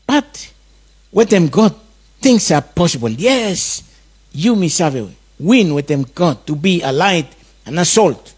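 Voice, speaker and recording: A man's voice: a little high, a little mellow. A man preaching a sermon, in repeated rhythmic calls.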